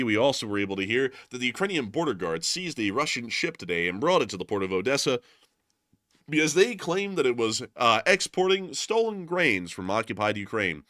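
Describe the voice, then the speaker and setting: A man's voice: mid-range voice, fairly quick, dry recording, studio quality. Jokey male war news commentator. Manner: jokey, broken-English asides, deadpan puns. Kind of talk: casual news commentary over clips.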